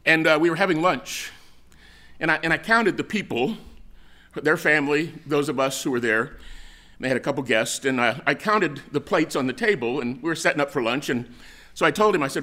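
An older American man preaching a sermon, telling stories in a relaxed, conversational way with frequent fillers and restarts. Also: fairly high pitch, quick pace. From United States. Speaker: pastor.

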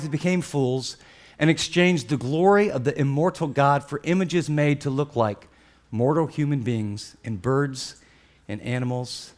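A man delivering a sermon in a high-pitched voice. He tells the story dramatically, dropping to quiet, slow passages and then building to loud, excited ones. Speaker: preacher.

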